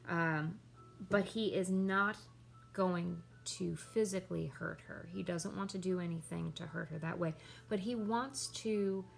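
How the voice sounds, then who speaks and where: Gravelly-voiced woman teacher explaining. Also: on the low side. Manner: explanatory, with checking questions like "right?" and "okay?". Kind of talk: lesson explanation.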